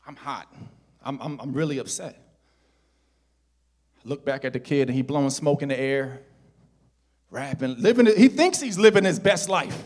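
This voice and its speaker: A male pastor preaching a storytelling sermon, swinging between hushed, intimate passages and loud, shouted exhortation. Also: medium pitch, lively intonation, normal speed, long pauses.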